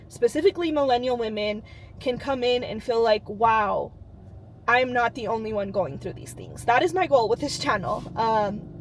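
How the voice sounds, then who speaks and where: A woman's voice: fairly high pitch, slight background noise. A woman in her thirties talking to camera in a bubbly, earnest vlog, with plenty of "um" and "like". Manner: bubbly, earnest, lots of fillers. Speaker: channel host.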